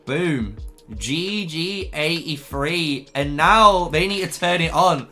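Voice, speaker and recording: A man's voice: a little high, expressive, takes it slowly, sharp tone. A man commentating live on a strategy game for his stream, chatty and laughing often as he talks to his chat. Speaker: gaming streamer. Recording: faint music behind.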